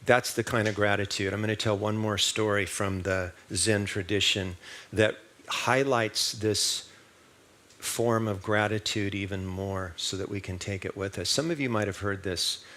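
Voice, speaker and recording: A man with a fairly low voice preaching a sermon. He talks in an easy conversational way, tells stories and keeps asking the congregation rhetorical questions. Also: fairly even intonation, measured pace, sharp tone. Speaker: minister. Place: church service.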